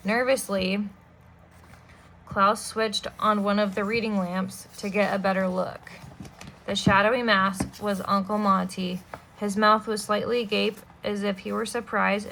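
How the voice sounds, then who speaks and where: Woman reading a storybook aloud, gravelly. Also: mid-range voice, a little slow, slight background noise, low-quality recording. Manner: steady, expressive reading with small asides. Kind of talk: reading a children's novel aloud.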